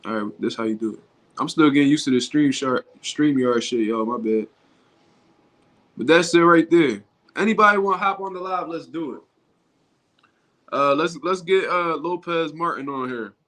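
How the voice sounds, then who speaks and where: A man's voice: fairly high pitch, moderate pace, long pauses, fairly bright tone. A man talking casually on his own livestream, in loose street slang and often restarting his sentences. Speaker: boxing commentary YouTuber.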